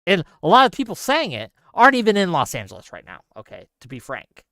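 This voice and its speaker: A man's voice: high-pitched, huge pitch swings, fast, creaky, pushed and bright, no room sound. A male streamer talking straight to his live chat, emphatic and given to heated, swearing rants with asides to the audience. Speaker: streamer host.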